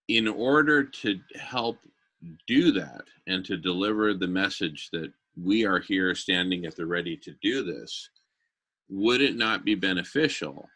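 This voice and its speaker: A man pitching an idea in a community meeting, rambling and enthusiastic with many fillers and restarts. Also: bright, forceful tone. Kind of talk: brainstorming in a group meeting.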